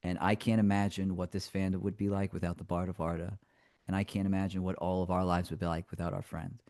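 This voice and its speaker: A man with a very deep voice speaks warmly and emphatically to a friend in a live chat. The sound is dry and close, with no room around it. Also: flat delivery, fast talker, dry recording. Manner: warm, affectionate, emphatic. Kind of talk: casual live group chat.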